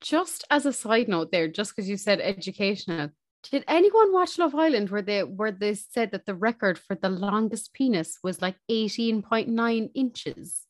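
A woman's voice: medium pitch, animated, moderate pace. A young woman, co-hosting a casual podcast, blunt and jokey with crude asides. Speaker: podcast co-host. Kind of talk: casual chat.

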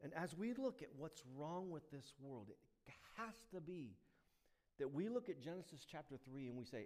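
A male pastor preaching a sermon, emphatic, swinging between loud stressed lines and hushed asides. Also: fairly high pitch, expressive, moderate pace.

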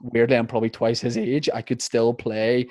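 A man's voice: medium pitch, little pitch movement, moderate pace, darkish tone. A man with a Northern Irish accent hosting a casual interview, chatty and rambling with lots of fillers.

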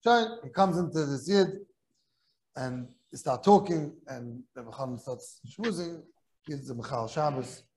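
In a kollel study hall, a rabbi teaches a Talmud class and tells a story with animation, repeating words as his excitement builds. His voice is mid-range, and he keeps a measured pace.

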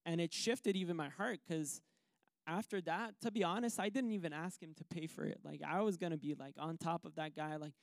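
A man preaching a sermon, telling a personal story with lively acted-out quotes. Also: on the high side, brisk, gravelly, dry recording, clean studio sound. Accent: Canadian English. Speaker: pastor.

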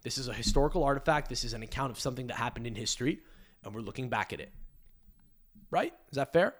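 A man's voice: mid-range voice, animated, fast. A man hosting a podcast, ranting crudely and rambling with many restarts. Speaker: podcast host. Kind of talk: casual rant.

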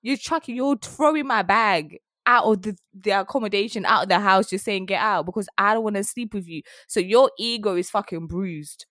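A woman's voice: mid-range voice, moderate pace, few pauses, no room sound. Young woman in her 20s, casual podcast chat, dry sound, swears a lot. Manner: animated storytelling, frank and sweary.

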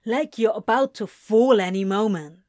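A woman voicing a sardonic male demon who talks in flat, blunt mutters. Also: mid-range voice, moderate pace, dry recording, clean studio sound, lightly acted. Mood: curt.

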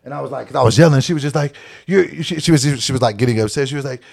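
A man in his thirties co-hosting a casual podcast, telling stories with lively quoted voices and laughter. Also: racing, vocal fry, slightly rough. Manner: animated storytelling, laughing, voice jumps high for quotes. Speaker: podcast co-host. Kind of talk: casual chat.

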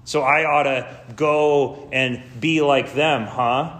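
A man voicing Jesus as a calm, carefree teacher, speaking in a breezy, offhand way within a sermon. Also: mid-range voice, takes it slowly. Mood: wry.

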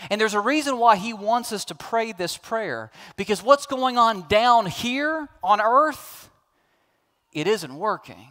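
A man's voice: high-pitched, lively intonation, unhurried, pushed and bright. A man preaching a sermon as a pastor, emphatic, building to pleading questions.

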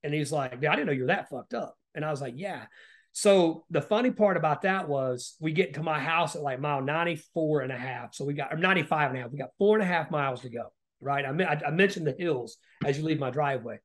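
A man with a notably high-pitched speaking voice tells long, rambling stories as a podcast guest. He swears constantly, restarts his sentences and keeps checking in with the listener with a quick "right?". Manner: heavy swearing, frequent "right?" tag questions. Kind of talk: casual storytelling.

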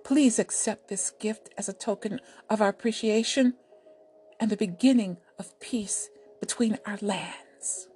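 A woman's voice: mid-range voice, a little slow, a little mellow, slight background noise, lightly acted. A woman voicing a brave young male warrior who speaks earnestly and pleadingly in a told story.

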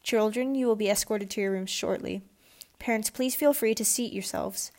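A woman's voice: medium pitch, normal speed, a little mellow, natural voice. Prim male butler, clipped and formal, read by a woman. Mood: haughty. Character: stiff, proper male butler.

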